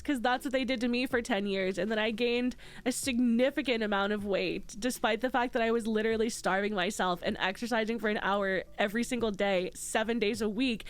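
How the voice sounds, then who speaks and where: A woman's voice: on the high side, steady tone, brisk, hardly any pauses, clean tone. A young woman streaming from home and chatting with her viewers, tearful and close to crying, swearing freely as she reads and answers chat at a desk microphone. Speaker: VTuber streamer. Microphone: desk microphone with headphones.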